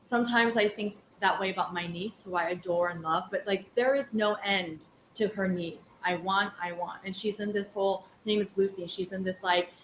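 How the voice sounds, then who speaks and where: A woman's voice: medium pitch, steady tone, brisk, slight background noise. Woman teaching a casual dharma class. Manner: conversational, anecdotal, many fillers. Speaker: Buddhist teacher. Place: class room. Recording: echoey room with faint ambience.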